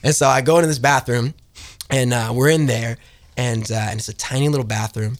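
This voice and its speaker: A young man telling a story in a casual podcast chat, lively and quick, often acting out the voices of the people he quotes. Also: mid-range voice. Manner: fast, animated storyteller who acts out quoted voices. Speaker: guest.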